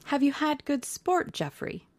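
A woman voicing a sensitive, uneasy young English gentleman in a storybook reading, with pleading, rising cries. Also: high-pitched, big pitch swings, a little slow, no room sound, pitched above the performer's own voice. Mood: light.

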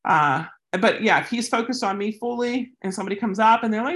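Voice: mid-range voice, a little fast, few pauses, a bit bright. Chatty dog trainer, explains steps then jumps into stories, acts out what people said. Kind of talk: casual training instruction with anecdotes.

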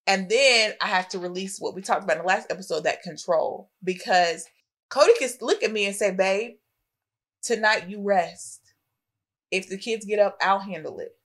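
Calm woman offering reflective advice. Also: fairly low pitch. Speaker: podcast co-host. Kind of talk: casual chat.

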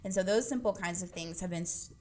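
Earnest woman with a lowish voice. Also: quick pace. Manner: earnest, animated when retelling quotes. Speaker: guest sharing her experience. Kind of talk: casual chat.

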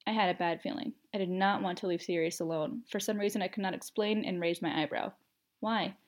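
A woman narrating a first-person story in an expressive, steady reading. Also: lowish voice, fast talker.

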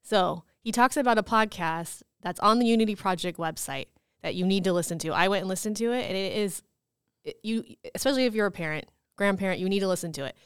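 A woman from California co-hosting a podcast, talking in an earnest, measured way with many fillers. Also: mid-range voice, clear, resonant tone, no echo, studio quality. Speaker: podcast co-host. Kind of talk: casual chat.

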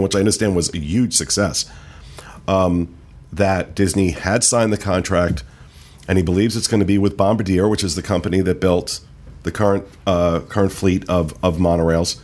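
Low-voiced man hosting a chatty podcast. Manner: relaxed, many fillers. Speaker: podcast host. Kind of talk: casual news chat. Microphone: studio mic.

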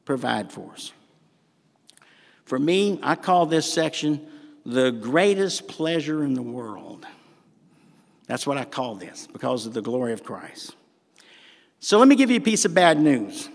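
An older man with a Southern accent preaching a sermon in a church, folksy and animated with humorous asides. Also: fairly high pitch, gravelly. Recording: long hall reverb.

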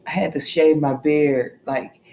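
A woman's voice: sits low, steady tone, unhurried, mellow, a little hiss or hum, low-quality recording. A woman co-hosting a casual podcast, telling playful, laughing stories about her childhood and her kids. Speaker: podcast co-host. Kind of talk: casual chat.

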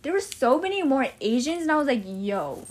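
A young woman with a high, girlish voice chats casually as one of two co-hosts. She rambles, giggles often and keeps losing her train of thought mid-sentence. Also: expressive, fast. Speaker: co-host. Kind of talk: casual chat.

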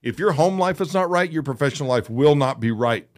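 A man's voice: a little high, expressive, fairly quick. A man co-hosting a casual talk show, speaking emphatically and repeating phrases to drive points home. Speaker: podcast co-host. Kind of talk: casual chat.

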